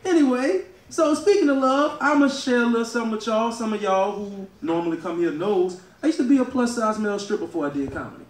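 A male stand-up comedian from Louisiana with a Southern American accent, loud and crowd-working, laughing at his own jokes. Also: high-pitched, lively intonation, fast, few pauses, distant mic. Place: comedy club stage. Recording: echoey club room, heard from afar.

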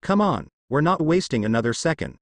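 A man voicing a bold, bossy teenage girl ninja who runs a weapon shop, raised higher than his own voice and teasing. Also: sing-song, a little fast, no echo, studio quality.

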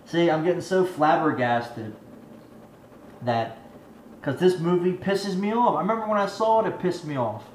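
A man's voice: a little high, lively intonation, normal speed, a little hiss or hum. A man giving a profane, rambling movie review rant, exasperated and swearing constantly. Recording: echoey room with faint ambience.

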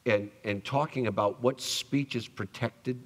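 Brief: male pastor, mid-pitched voice, preaching with lively storytelling, church reverb. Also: a little slow. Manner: animated storytelling, acts out quoted voices, drops soft for tender lines. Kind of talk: sermon. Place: church sanctuary.

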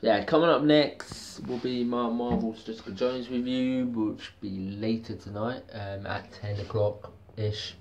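A man's voice: mid-range voice, steady tone, measured pace, hardly any pauses, a little mellow, highs cut off, slight background noise. A man giving a casual video review, rambling and repeating himself, with plenty of fillers. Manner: rambling, repetitive, lots of fillers. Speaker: TV soap reviewer.

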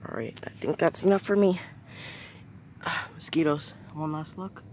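A man's voice: a little high, steady tone, moderate pace, noisy background. A young man vlogging outdoors at night on a phone, narrating casually and exclaiming in squeamish alarm about bugs. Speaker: nature vlogger.

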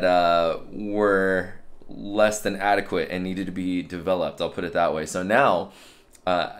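Deep-voiced man, candid self-help vlog. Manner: candid, reflective, conversational with fillers. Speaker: fitness trainer and vlogger.

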